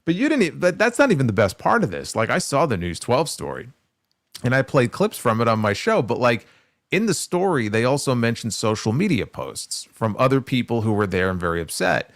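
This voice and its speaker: A man with a New York accent co-hosting a casual wrestling talk show, animated and mocking in his asides. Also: mid-range voice, fairly quick, no room sound, studio quality. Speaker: podcast co-host.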